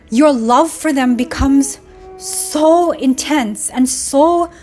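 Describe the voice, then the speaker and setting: Emotional young woman with faint music. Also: fairly high pitch. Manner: heartfelt, emotional, tearing up at times; casual, conversational. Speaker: spiritual vlogger. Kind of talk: personal storytelling to camera.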